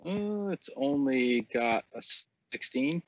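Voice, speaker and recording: A man's voice: medium pitch, expressive, takes it slowly, no room sound, lo-fi sound. A man playing in a tabletop game, chatting casually in short, offhand replies. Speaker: player.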